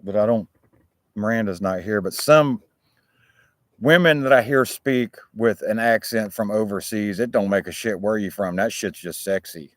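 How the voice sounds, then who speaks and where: A low-pitched man with a Southern American accent rambles through a casual live talk show, chatty and loose, cursing freely and restarting his sentences. His voice sits close and dry, with little room sound around it. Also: moderate pace, no room sound. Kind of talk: casual live-stream chat. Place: outdoors, chilly.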